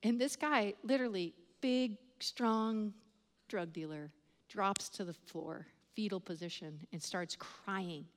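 A woman's voice: mid-range voice, slow pace. A woman preaching a sermon, telling stories with laughs and quoted voices and building to emphatic points. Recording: long hall reverb.

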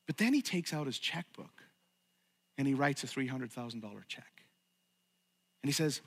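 A man preaching a sermon earnestly, swinging from loud urging to hushed, whispered lines as he closes a church service. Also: medium pitch, normal speed, husky, in a large hall. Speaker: pastor. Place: church sanctuary.

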